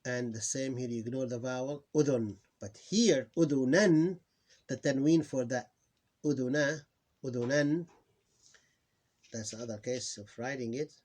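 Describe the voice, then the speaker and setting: A man teaching an informal recorded lesson on reading, patiently repeating words slowly and often correcting himself, sounding tired. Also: medium pitch, a little mellow.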